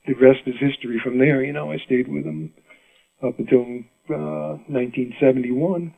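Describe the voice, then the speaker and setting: An older man tells stories in a relaxed interview, chatty, often laughing and restarting his sentences. His voice has a gravelly edge. It comes through a tinny, dry line that sounds like a phone. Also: mid-range voice, moderate pace, no room sound. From Rhode Island. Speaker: mandolin player, interview guest. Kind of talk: casual storytelling interview.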